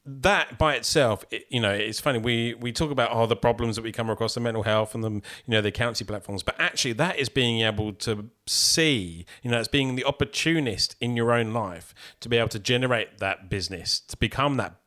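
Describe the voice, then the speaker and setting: Bright-voiced male podcast host. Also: medium pitch. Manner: encouraging, quick to chime in. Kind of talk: casual interview chat.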